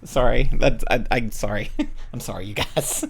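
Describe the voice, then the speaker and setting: A woman's voice: rumbling low, normal speed, vocal fry, slightly rough. A woman commentator ranting about commercials in a casual, sarcastic, exasperated way. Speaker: video commentator.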